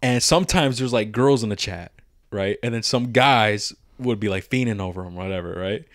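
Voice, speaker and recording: A man's voice: on the low side, normal speed, no room sound, studio quality. A young man co-hosting a podcast, chatting casually, telling stories animatedly with frequent laughter and swearing. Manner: animated storyteller, laughs often, swears a lot. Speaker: podcast co-host. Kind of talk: casual chat.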